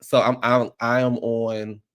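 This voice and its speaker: A man hosting a livestream speaks at a measured pace with a medium pitch that barely moves, his tone a bit bright, clear, and resonant. He chats casually and rambles loosely into a streaming microphone, full of "like," fillers, and restarts.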